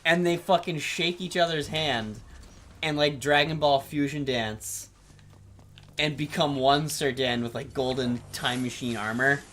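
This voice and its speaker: A man's voice: fairly high pitch, steady tone, unhurried, a bit bright, a little hiss or hum. A man co-hosting a casual gaming chat, telling a story in a rambling way with swearing and laughter. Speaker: co-host of a gameplay commentary show.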